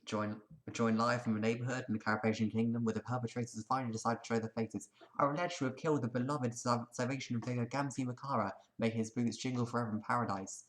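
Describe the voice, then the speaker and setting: A man's voice: medium pitch, fairly even intonation, quick pace, hardly any pauses, close to an everyday voice. A man plays a pushy TV news reporter with a mid-range voice. He reads the news in a stumbling way and chases people down for a statement. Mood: reporting. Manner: fumbling newscaster delivery.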